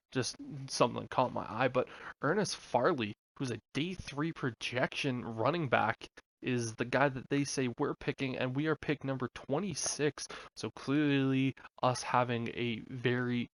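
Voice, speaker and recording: Young male gaming creator, mid-pitched voice, relaxed and chatty, casual commentary over gameplay. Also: no room sound, poor audio. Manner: relaxed, chatty, with filler words. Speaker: gaming YouTuber.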